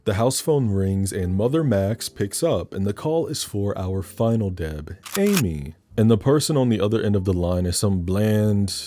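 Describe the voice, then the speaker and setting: Sassy man recapping a film, mellow voice. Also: fairly low pitch, expressive, normal speed, hardly any pauses. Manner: sassy and campy. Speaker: video essay host.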